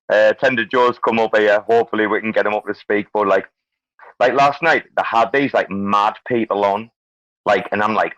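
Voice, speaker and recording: A man hosting a loose chat on a live audio stage. His voice is low and very dry, and he swears freely and rambles bluntly. The sound is dull and muffled. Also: fairly bright tone, no room sound. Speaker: host.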